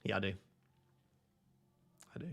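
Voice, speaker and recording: A man's voice: measured pace, pushed and bright. Jokey self-mocking male streamer. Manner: jokey, self-mocking, reads chat aloud. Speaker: fantasy football streamer. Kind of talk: live stream chat reading. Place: home at night.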